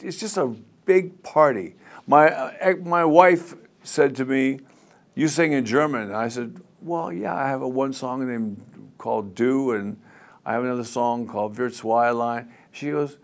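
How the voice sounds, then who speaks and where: A man in his seventies, a singer telling stories in a casual interview, rambling and animated, mimicking crowd chants. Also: fairly high pitch, a little slow. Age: 70s.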